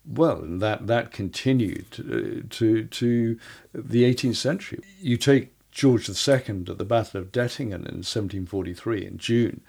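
A man with a gravelly, creaky voice tells history anecdotes in a relaxed podcast conversation. He often repeats words and restarts his sentences as he goes. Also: fairly low pitch, normal speed. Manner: stammering restarts, storytelling.

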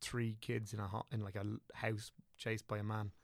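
Brief: young Irish man, podcast guest, gravelly voice, dry close mic, loose rambling talker. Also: fairly low pitch, flat delivery, moderate pace, dry recording. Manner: rambling, self-correcting, chatty. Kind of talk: casual podcast chat.

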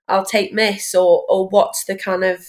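A woman hosting a podcast, asking questions in a relaxed, conversational way. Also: medium pitch, a little slow. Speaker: podcast host. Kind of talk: casual chat.

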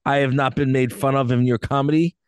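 A man co-hosting a podcast in casual chat, animated and joking, with lots of fillers and laughter. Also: mid-range voice, fairly quick, clear, resonant tone, dry recording. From East Coast of the US. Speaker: podcast co-host.

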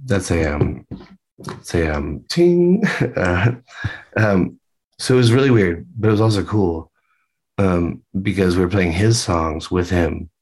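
A man's voice: low-pitched, animated, a little slow, a little mellow, breathy edge. A man, a band member, chatting loosely in a video-call interview, rambling with lots of fillers and the odd swear.

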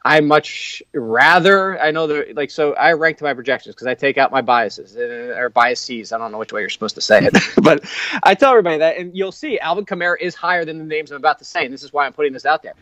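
A man appearing as a guest analyst on a casual sports podcast, talking in an animated way, chuckling often and stacking up rhetorical questions. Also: on the high side, fast talker, no room sound. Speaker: fantasy football analyst guest.

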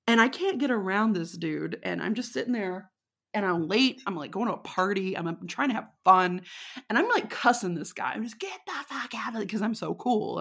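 A Texan woman with a medium-pitched, gravelly, fairly bright voice guests on a podcast. She tells stories in a casual, chatty way, laughing often and leaning on lots of fillers.

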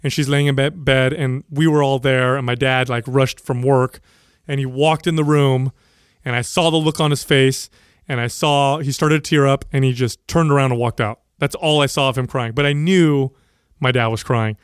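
A man's voice: mid-range voice, steady tone, normal speed, clear, resonant tone, no echo, clean studio sound. A man, a father and podcast co-host, telling stories in casual chat, laughing easily and restarting his sentences. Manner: storytelling, laughs often, trails off and restarts.

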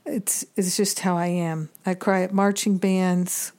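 A woman giving a reflective spiritual teaching talk, measured and earnest, pausing often between thoughts. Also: fairly low pitch, flat delivery, darkish tone, clean tone.

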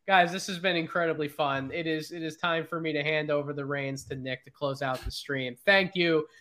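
A man hosting a basketball draft stream, excitable and prone to giggling. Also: fairly high pitch, normal speed, slight background noise. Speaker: stream host. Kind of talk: casual podcast chat. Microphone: home mic on a video stream.

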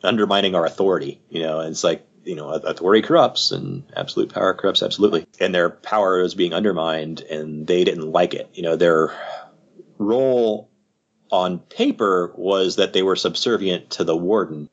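A man's voice: sits low, lively intonation, normal speed, breathy edge. A man who works as a psychiatrist, talking through ideas as a podcast guest in a rambling, conversational way full of "you know" asides. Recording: slightly muffled lo-fi audio.

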